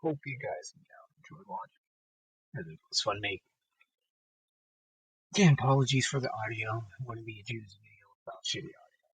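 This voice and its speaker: A man's voice: medium pitch, lively intonation, moderate pace, pauses often, a bit bright, breathy edge, dry recording, low-quality recording. A man in a casual, blunt and profane vlog monologue, recorded on a phone inside his car. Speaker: horror movie vlogger. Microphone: phone held away from the mouth.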